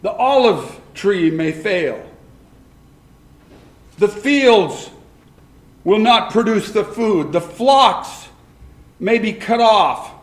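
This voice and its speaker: A male pastor delivering a lively sermon, his voice sitting a little high for a man. He swings between quiet asides and loud, emphatic bursts. The sound carries the echo of a church room. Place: church sanctuary.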